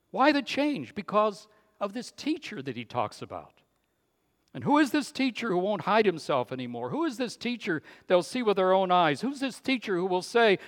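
Emphatic preacher in a reverberant hall. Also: male voice, high-pitched, big pitch swings, moderate pace. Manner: emphatic, swings from loud to hushed. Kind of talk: sermon.

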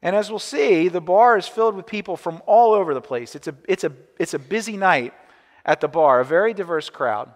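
A man's voice: high-pitched, animated, a little fast. A man preaching a sermon as pastor, first reading scripture, then talking casually with restarts and asides. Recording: echoey church hall.

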